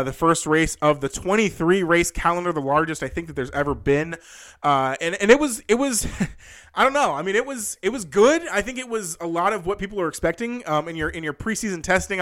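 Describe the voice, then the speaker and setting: A man's voice: on the high side, fairly bright tone. A young man talking through a motorsport season in a loose, rambling way, full of restarts and "you know", rising in disbelief as he goes. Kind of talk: casual motorsport commentary.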